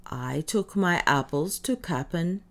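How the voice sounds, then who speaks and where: A woman voicing a mild, sedate little old male skipper in an audiobook, speaking quietly and politely. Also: on the low side, expressive, slow, full character voice.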